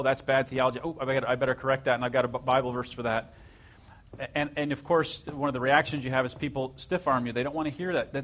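A man's voice: medium pitch, a bit bright. Earnest man on a counseling panel. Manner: earnest and reflective, repeats key words.

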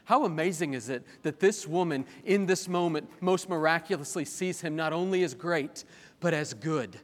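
A pastor delivers a sermon in a fairly high, animated voice. He slips in humorous personal asides between serious points. His voice rings with the long reverb of a large church hall. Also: moderate pace. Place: church sanctuary.

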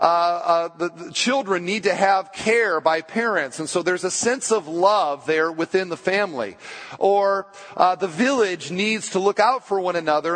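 A man preaching from the pulpit, his somewhat high voice pressing hard and then slowing deliberately on the words he wants to land. Long reverb trails off each phrase in the church hall. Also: a bit bright. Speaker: pastor. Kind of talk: sermon.

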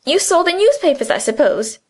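A woman voicing a cool, sharp-eyed schoolgirl who questions eagerly. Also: high voice, big pitch swings, brisk, voice pushed up. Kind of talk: audiobook character reading.

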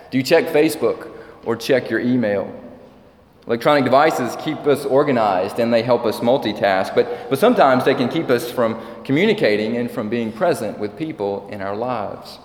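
A man preaching a sermon as pastor, measured and slowing down when he quotes scripture. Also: mid-range voice. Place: church sanctuary. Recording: echoey church hall.

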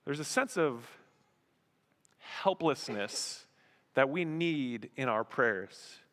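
Man, pastor, animated sermon, bright forceful voice, long hall reverb. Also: mid-range voice. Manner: animated, acts out voices and exclamations.

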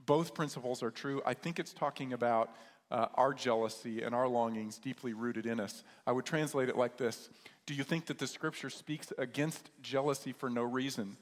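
A man's voice: medium pitch, fairly even intonation, normal speed. A man preaching a sermon as a pastor, repeating key words and asking the listeners questions. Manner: repetitive, rhetorical questions. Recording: echoey hall with long reverb.

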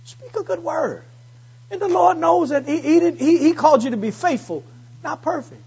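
A man's voice: very high voice, expressive, normal speed, creaky, a little mellow, lo-fi sound. A man preaching a Sunday morning sermon, repeating phrases for emphasis and swelling into fervent peaks. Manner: call-and-response preaching, rising to fervent peaks. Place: church service.

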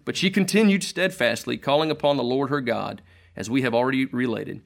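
A man's voice: mid-range voice, fairly quick, vocal fry. Man solemnly reading aloud in church.

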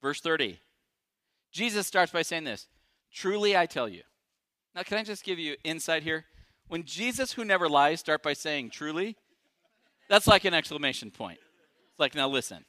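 Forceful, emphatic male preacher. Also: on the high side, animated, normal speed, no room sound, clean studio sound. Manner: emphatic, dramatic swings from loud to hushed. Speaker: pastor. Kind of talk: sermon.

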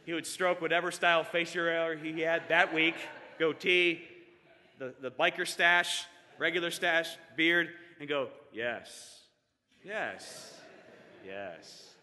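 A man's voice: a little high, level tone, measured pace, sharp tone. A man giving a personal faith testimony in an earnest, storytelling way, building to emphatic points. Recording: reverberant hall.

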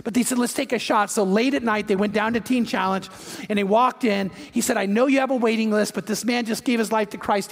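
High-voiced pastor in an echoing hall. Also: male voice. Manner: energetic, acts out quoted voices. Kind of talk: sermon storytelling. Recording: long hall reverb.

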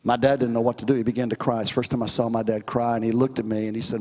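A man's voice: mid-range voice, level tone, rapid-fire, darkish tone, long reverb tail. A man from Texas preaching his testimony, telling his story with emphatic, rising and falling intensity. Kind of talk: testimony sermon.

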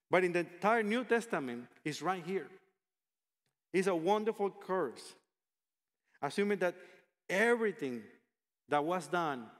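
A man preaching a sermon, speaking in a measured, emphatic way and reading passages aloud. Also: on the high side, in a large hall.

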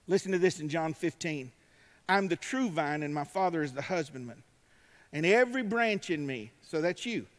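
Male preacher, high-pitched, emphatic sermon delivery, recorded in a church hall with a long reverb tail. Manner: emphatic, rising to shouts, drawling asides.

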